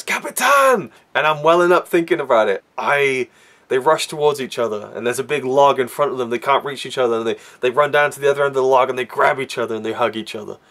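A man's voice: medium pitch, fairly bright tone. A man talking earnestly and with feeling as he reviews a film, with frequent restarts and fillers. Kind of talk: casual film review monologue.

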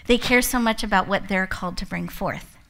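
Speaking fairly quickly at medium pitch, a woman who is both event host and speaker delivers a motivational talk. It's full of lively personal stories, and she laughs frequently.

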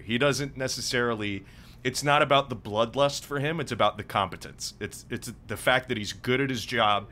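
A young man co-hosting a podcast, talking in a measured, thoughtful way. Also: mid-range voice, sharp tone. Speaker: podcast co-host. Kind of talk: casual chat.

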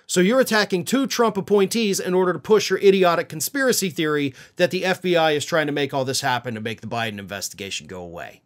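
A man's voice: fairly high pitch, quick pace, hardly any pauses. A man delivering a political commentary monologue in an indignant, sarcastic and scornful tone.

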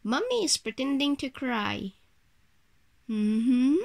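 A woman's voice: on the high side, sing-song, takes it slowly, long pauses, darkish tone. A woman vlogger coaxing her pet cats in sing-song baby talk, with slightly non-native English phrasing. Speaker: cat owner vlogger.

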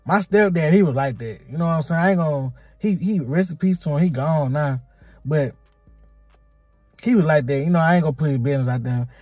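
A man casually telling a personal story in a slangy, profane and animated way. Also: fairly high pitch, no room sound.

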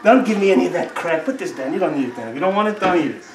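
Young father vlogger, casual at home, lively pitch, sing-song baby talk. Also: rapid-fire, echoey room, crowd noise. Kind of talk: casual home vlog talking to babies. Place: home, indoors.

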